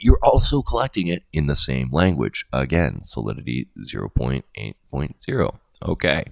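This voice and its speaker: Deep gravelly middle-aged man rambling. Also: no room sound. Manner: rambling, jokey asides with chuckles. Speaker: crypto video host. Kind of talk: casual explainer monologue.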